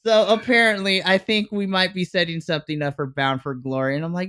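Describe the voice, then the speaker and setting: A man co-hosting a wrestling review podcast, retelling a storyline in an exasperated, animated way with mock dialogue. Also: high-pitched, brisk, hardly any pauses, smooth. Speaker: podcast co-host. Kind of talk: casual wrestling review chat.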